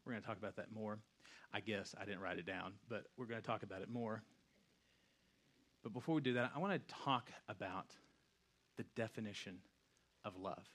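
A man in his thirties, a pastor giving a casual, conversational sermon that swings from hushed reflection to loud storytelling. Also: fairly low pitch, a little fast, pauses often.

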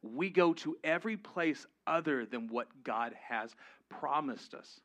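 A man's voice: fairly high pitch, animated, a little slow, a bit bright. A man preaching a sermon to his congregation, conversational and humorous, rising to emphatic peaks. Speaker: pastor. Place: church before a live congregation.

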